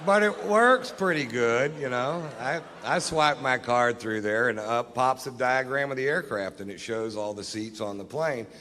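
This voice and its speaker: A stand-up comedian telling stories on stage in a laid-back, deadpan, profane manner. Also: male voice, medium pitch, normal speed, few pauses, a little hiss or hum. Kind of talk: live stand-up storytelling. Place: live comedy venue on stage. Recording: live venue with reverb and crowd.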